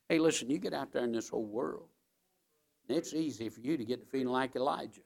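A man's voice: medium pitch, quick pace, creaky, a little mellow. An older male pastor preaching a sermon, emphatic and repetitive, checking in with the congregation with "all right?".

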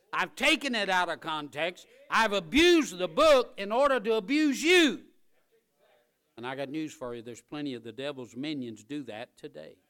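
A male pastor preaching a sermon in church, emphatic and repetitive, building up to loud, driving peaks. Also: high-pitched.

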